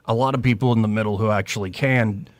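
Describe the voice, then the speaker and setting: A man hosting a political talk radio show, animated and opinionated, close on a studio mic. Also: lowish voice, quick pace, dry recording.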